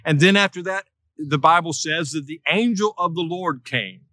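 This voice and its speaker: A man's voice: normal speed, pushed and bright, no room sound. A man preaching a sermon, retelling a scripture story and acting out quoted voices. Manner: storytelling, acts out quoted voices with raised pitch.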